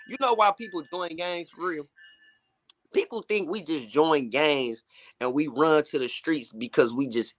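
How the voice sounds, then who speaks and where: A man's voice: a little high, a bit bright, dry recording. A man who is a guest on an interview, speaking candidly and often saying "you know what I'm saying". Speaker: gospel hip hop artist guest. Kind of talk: casual interview chat.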